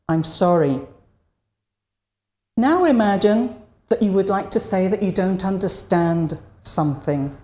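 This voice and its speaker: Slow, mellow woman teaching a lesson. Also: lowish voice, reverberant. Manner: slow, clearly modeled phrases for repetition. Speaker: language teacher. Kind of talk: online lesson.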